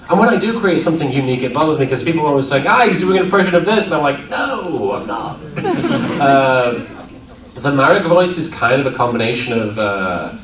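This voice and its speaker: Animated man answering fans, echoey room. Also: medium pitch. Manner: animated and playful, laughs often. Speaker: voice actor answering fan questions. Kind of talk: convention Q&A panel. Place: convention room at a university. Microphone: audience camera from far off. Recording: echoey room, far off, crowd around.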